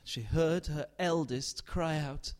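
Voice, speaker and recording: Slow, deliberate male storyteller. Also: on the high side. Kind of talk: dramatic story narration.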